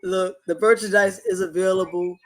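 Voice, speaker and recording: High-voiced animated podcast co-host man. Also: normal speed, a crowd in the background. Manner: animated, playful, hyping merch. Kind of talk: casual sports podcast chat.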